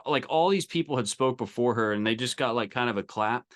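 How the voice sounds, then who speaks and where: A man's voice: medium pitch, a little fast, a bit bright. A man coaching on a live group call, loosely retelling a story with frequent restarts. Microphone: video call.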